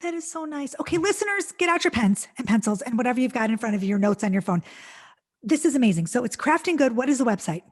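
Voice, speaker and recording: A woman's voice: a little high, lively intonation. Gushing, effusive woman podcast host. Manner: gushing, effusive, fast restarts. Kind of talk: casual interview chat.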